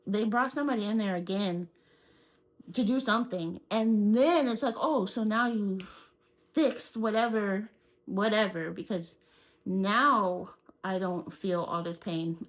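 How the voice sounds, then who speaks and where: A woman's voice: medium pitch, normal speed, poor audio. A young woman co-hosting a podcast, telling a personal story casually and animatedly, with many filler words. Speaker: podcast co-host.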